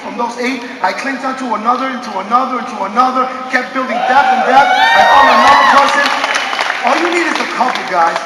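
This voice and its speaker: A man giving an energetic motivational speech on a convention stage, telling stories and often calling out "guys" to the audience. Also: extremely high pitch. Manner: energetic, storytelling, often calls out "guys", bursts into shouts. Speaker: motivational speaker at a business convention. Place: large convention hall stage. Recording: echoey hall, distant mic, audience noise.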